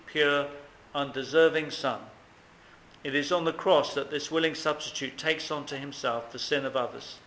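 A man's voice: fairly high pitch, a bit bright, reverberant, a little hiss or hum, low-quality recording. A man preaching a sermon, earnest and emphatic, often asking questions of his listeners.

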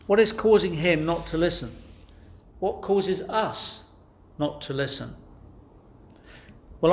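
A man's voice: on the high side, creaky. A man preaching a sermon, asking rhetorical questions and pressing his points with emphasis.

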